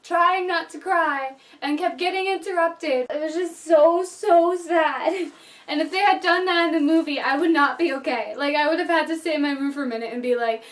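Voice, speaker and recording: A high-pitched woman talks through a book-and-movie review, chatty and openly emotional. Her voice sits a little back from the mic. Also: normal speed, far from the mic. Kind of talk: casual vlog review.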